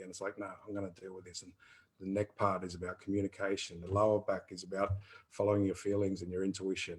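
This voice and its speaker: Man around fifty, husky voice, low pitch, rambling casual live Q&A chat. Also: rough recording. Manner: rambling, animated, earthy wording. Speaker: co-host answering listener questions.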